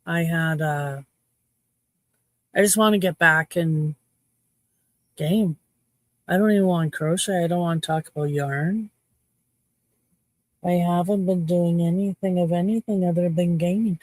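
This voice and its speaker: A woman's voice: on the low side, unhurried, long pauses, no room sound. A woman in her fifties from Canada, casually chatting with her livestream viewers in a cheeky, playful way. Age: 50s. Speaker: livestream host.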